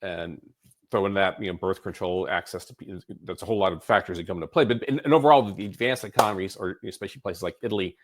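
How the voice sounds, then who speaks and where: Hosting a podcast, a man with a low-sitting voice talks fast, posing long, meandering interview questions in a casual way, with plenty of fillers and restarts.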